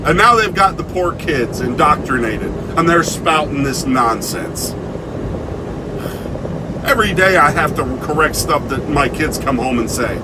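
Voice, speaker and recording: A man's voice: fairly high pitch, lively intonation, measured pace, heavy background noise. A man delivering a blunt, angry opinion rant with swearing and sarcasm, recorded inside a vehicle. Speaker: vlogger.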